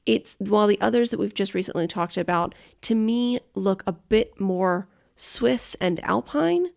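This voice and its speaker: Unhurried and expressive, this woman's medium-pitched voice has a creaky, darkish quality. She co-hosts a laid-back travel podcast, sharing information with enthusiasm and frequently stopping to correct herself.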